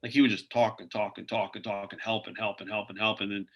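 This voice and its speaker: A man's voice: on the low side, flat delivery, quick pace. A man as a podcast guest, telling rambling anecdotes in casual interview talk, full of "like" and "you know".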